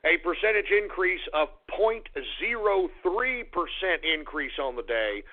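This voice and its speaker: A male talk radio host with a high voice, ranting in a blunt, angry, profane way before reading stock market numbers. The sound is thin and phone-like, as if it came down a narrow radio line. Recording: tinny phone-like radio audio.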